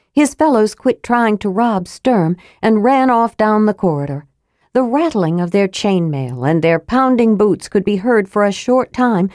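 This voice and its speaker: A woman's voice: a little mellow, dry recording, clean studio sound. Woman narrating a fantasy audiobook. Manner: lowers her voice for male characters. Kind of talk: scripted narration with character voices.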